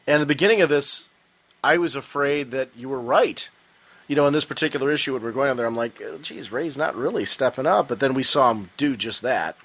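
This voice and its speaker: A man's voice: medium pitch, fast, fairly bright tone. Enthusiastic man co-hosting a podcast. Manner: enthusiastic, with repeated restarts. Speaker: podcast co-host. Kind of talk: casual podcast discussion.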